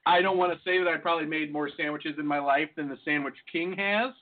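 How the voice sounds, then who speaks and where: Brief: high-pitched male co-host, jokey rambling banter, tinny phone-like sound. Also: fairly even intonation, quick pace. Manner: joking, rambling. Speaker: podcast co-host. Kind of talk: casual banter. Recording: phone-like lo-fi audio.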